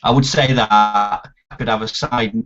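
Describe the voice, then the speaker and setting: A man in casual film chat, animated and swearing a lot as he acts out scenes he loves. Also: fairly low pitch, moderate pace, highs cut off. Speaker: podcast co-host.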